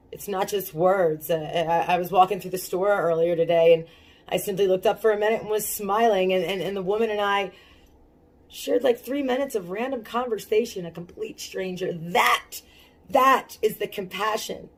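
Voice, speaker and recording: A young woman hosting her own cannabis activism webcast from a small home setup, talking earnestly to viewers, moved and stumbling over her words. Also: fairly low pitch. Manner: emotional, earnest, restarts often. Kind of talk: casual webcast talk to viewers.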